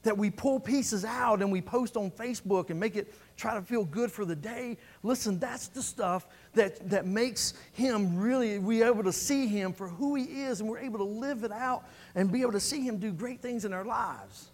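A man's voice: high voice, normal speed, hardly any pauses. A man preaching a sermon as pastor, fervent and building through repeated phrases.

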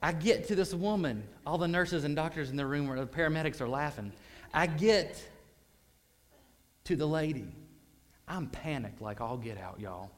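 A man preaches with a slightly high voice, spinning a story with lively energy. He drops to near-hushed tones, then surges up loud, full of folksy asides. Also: normal speed. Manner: animated, swings from hushed to loud. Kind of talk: sermon storytelling.

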